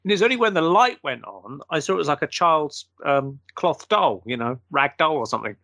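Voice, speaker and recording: Animated man telling a story. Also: a little high, brisk, creaky, dry recording. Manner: animated, acts out quotes. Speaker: guest. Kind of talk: casual anecdotal storytelling.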